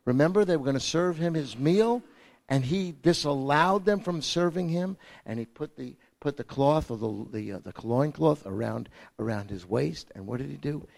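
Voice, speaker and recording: A man delivering a sermon, his voice sitting a little high. He preaches dramatically, punching some lines out loudly and then dropping to a near hush. The talk is unscripted and earnest, with restarts as he goes. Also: animated, moderate pace, gravelly. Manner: dramatic, swinging from loud emphasis to hushed softness. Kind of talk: sermon with slides.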